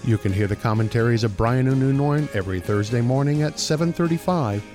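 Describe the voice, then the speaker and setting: Male announcer, steady outro read, guitar music bed behind. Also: mid-range voice, a little fast. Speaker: radio host. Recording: radio voice over guitar music.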